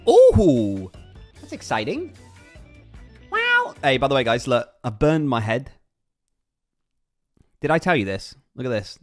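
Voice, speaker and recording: Bright-voiced, high streamer guy. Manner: upbeat, reads out chat names and thanks donors. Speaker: livestreamer. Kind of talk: casual livestream chat.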